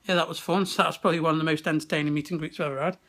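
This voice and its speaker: Holding a camera at arm's length at a wrestling event, a young vlogger from England's West Midlands chats and laughs, swearing often. He talks rapid-fire in a slightly high, steady voice with a sharp edge.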